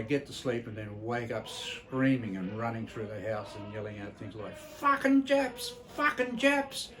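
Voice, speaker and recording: In a low-quality recording, a medium-pitched older Australian man, an entertainer, presents a memorial tribute. He recounts family stories bluntly and saltily, in a reflective mood, with many hesitations.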